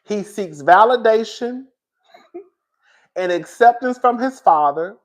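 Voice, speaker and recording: A man with a fairly high voice, giving a loose, candid commentary straight to his viewers. He swears freely and rambles, restarting sentences and drifting into asides before circling back to his point. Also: lively intonation, takes it slowly, muffled recording. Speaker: reality TV commentator. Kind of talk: casual commentary vlog.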